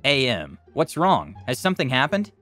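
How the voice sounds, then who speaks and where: A man voicing a calm woman area manager who asks brisk, concerned questions over the phone. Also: a bass voice, faint music behind, full character voice.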